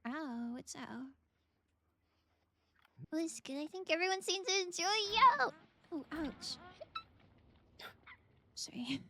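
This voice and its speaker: A woman's voice: high-pitched, lively intonation, slow pace, pauses often, a bit bright, a little hiss or hum. A woman streamer chatting casually and playfully while gaming, humming silly sing-song noises.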